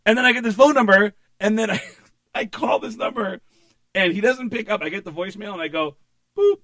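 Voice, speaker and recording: A male stand-up comedian telling stories in a casual chat, animated and profane, slipping into voices. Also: sits high, brisk, no room sound.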